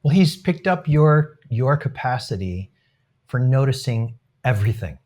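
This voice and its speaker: A man's voice: medium pitch, big pitch swings, measured pace, darkish tone. A man hosting a podcast, asking short, easygoing, reflective questions in a casual interview. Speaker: podcast host.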